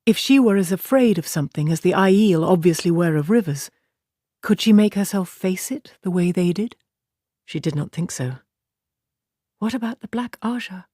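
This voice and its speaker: A woman narrating an audiobook in an even, steady storytelling voice. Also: on the low side, moderate pace, dry recording, studio quality.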